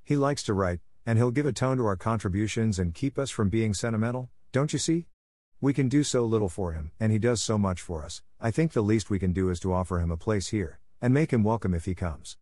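A man's voice: lowish voice, expressive, fairly quick, dark tone, dry recording, studio quality, natural voice. A man reading aloud, voicing a bold tomboyish teenage girl who pleads earnestly in an audiobook. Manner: eager, earnest persuading. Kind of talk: audiobook character voice.

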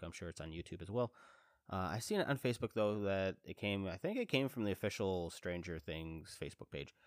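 A man's voice: low voice, no echo, studio quality. Rambling, congested man, casual host. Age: 30s. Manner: rambling, self-deprecating, lively quoted reactions. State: congested chest. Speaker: podcast host. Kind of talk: casual chat.

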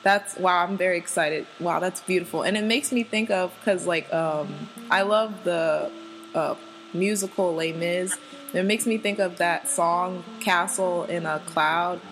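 A woman's voice: fairly low pitch, a little slow, soft background music, rough recording. A young American woman hosting a casual interview chat, gushing and giggly, rambling with lots of fillers. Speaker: podcast host.

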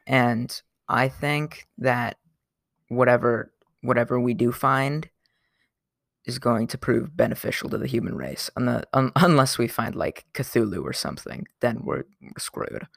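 Young man, podcast host, rambling casual chat, gravelly voice, dry close sound. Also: medium pitch, lively intonation, measured pace, a bit bright, no room sound. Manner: rambling, lots of fillers and "like". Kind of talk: casual solo podcast monologue.

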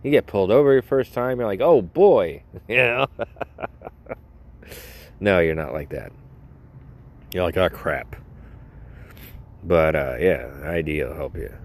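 A man's voice: low voice, moderate pace, long pauses. A young man hosting a podcast alone, rambling and joking at himself in casual chat. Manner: rambling, jokey, self-mocking. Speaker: podcast host. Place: outdoors.

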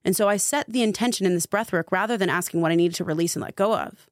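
A woman's voice: fairly low pitch, fast talker, no room sound, studio quality. A woman guest on a podcast, working as a spiritual coach, telling a personal story in casual conversation, earnest and full of filler "like". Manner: earnest, heavy use of filler "like".

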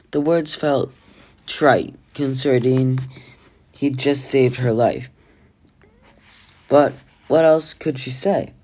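A homegrown audiobook narration, read at an even, unhurried clip. The reader keeps a plain, steady delivery and simply backs up to restart a phrase after a stumble. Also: mid-range voice, breathy edge. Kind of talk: amateur novel read-aloud.

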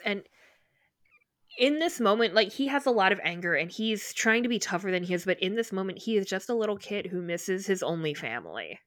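A woman's voice: medium pitch, animated, normal speed, dry recording, clean studio sound. A woman co-hosting a book podcast, retelling scenes in casual chat with quoted dialogue and open emotion. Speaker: podcast co-host.

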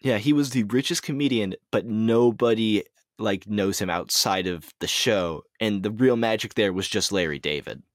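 Man, podcast co-host, low voice, casual chat, hesitant, lots of ums, dry close mic. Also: normal speed, no echo. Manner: hesitant, many ums and restarts. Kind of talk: casual chat, relaying movie news.

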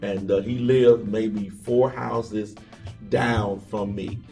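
A man guesting as an evangelist on an interview, with a gravelly, fry-edged voice, telling stories from his life. He sits back from the microphone in an echoey room. Soft music plays faintly underneath. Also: on the low side, slow, far from the mic. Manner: relaxed storyteller, acts out quoted voices. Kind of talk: casual interview storytelling.

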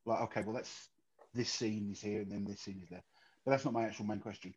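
A man in the audience asking a question over a headset in casual talk, relaxed and halting with ums. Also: fairly low pitch, highs cut off, slight background noise.

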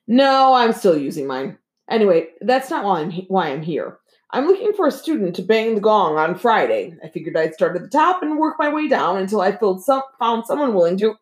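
A woman's voice: medium pitch, very animated, brisk, pitched above the performer's own voice, close to an everyday voice. A woman reading aloud and voicing a vain, self-important male school principal who barks orders. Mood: smug.

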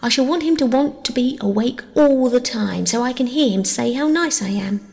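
A woman's voice: a little high, moderate pace, creaky, darkish tone, pitched above the performer's own voice. A woman voicing a chirpy, bossy little girl. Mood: playful. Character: eager, bossy young girl. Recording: long reverb.

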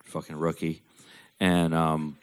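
Deep-voiced man telling a blunt story. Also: little pitch movement, slow, clean tone. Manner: blunt, profane, darkly joking. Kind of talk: personal storytelling.

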